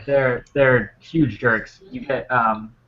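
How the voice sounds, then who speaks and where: A man narrates as game master of a tabletop game, rambling and filling his pauses with ums. His voice has a bright, forward tone at a middle pitch. The recording sounds muffled and lo-fi. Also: steady tone, a little hiss or hum. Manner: rambling, full of fillers.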